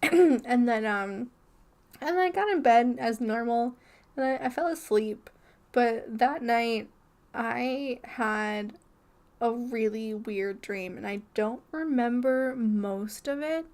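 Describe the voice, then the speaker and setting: Young woman, podcast co-host, rambling casual story, slightly high voice, unhurried. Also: a little mellow. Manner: rambling, lots of "like" and restarts.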